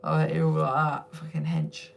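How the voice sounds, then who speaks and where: A woman's voice: deep voice, little pitch movement, moderate pace, vocal fry, slight background noise. A young woman hosting a casual live stream from home on her phone, chatting with viewers, laughing often and swearing freely. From United Kingdom. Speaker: livestream host.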